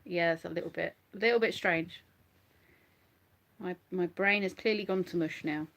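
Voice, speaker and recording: A woman's voice: on the low side, normal speed, a bit bright. A woman vlogging casually from bed at home, giggly and rambling as she chats to her viewers. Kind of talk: casual live chat to viewers.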